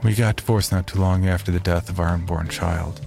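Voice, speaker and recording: A man narrating a horror story in the first person, in a calm, measured way. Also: low-pitched, creaky, soft background music.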